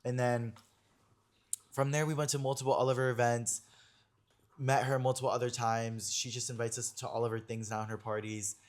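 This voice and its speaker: Young male podcast host, chatty gossip tone, mid-pitched voice, casual storytelling. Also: a little fast. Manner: gossipy, animated storytelling with many "like" fillers. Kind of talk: casual chat.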